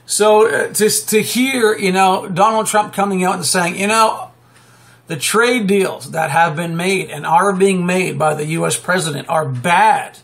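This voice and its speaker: High-voiced guy with a gravelly edge, rambling fiery preaching, keeps blurting out loud bits. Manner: rambling and emphatic, with sudden loud outbursts and chuckles. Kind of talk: fiery unscripted preaching monologue.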